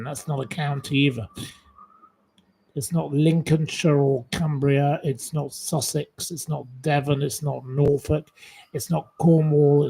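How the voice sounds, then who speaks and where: A man's voice: a little high, vocal fry, warm tone, a little hiss or hum, poor audio. A man from northwest England hosting a casual live quiz from home, rambling and chatty with many fillers. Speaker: livestream host running a quiz.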